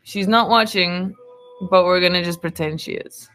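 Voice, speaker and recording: A woman's voice: lowish voice, moderate pace, fairly bright tone, soft background music. A woman vlogger in casual, rambling chat, answering viewer comments in a playful way.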